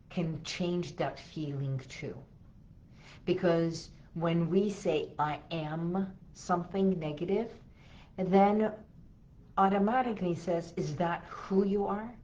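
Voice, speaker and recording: Woman podcast host, deep-toned and slow-paced, gentle coaching delivery. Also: muffled recording. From Los Angeles area, USA. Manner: slow, soothing, coaching with emphatic repetitions. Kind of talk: solo wellness talk, guiding techniques.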